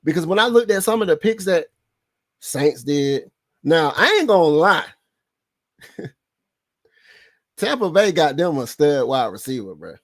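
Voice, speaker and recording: A man hosting a casual sports podcast, excitable and slangy, laughing often as he talks. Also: a little high, measured pace, long pauses, no echo, studio quality. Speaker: podcast host.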